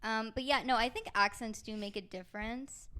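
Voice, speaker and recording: A woman's voice: on the high side, moderate pace, bright, forceful tone, smooth. Wry young woman podcast co-host. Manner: wry, teasing, opinionated. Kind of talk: casual chat.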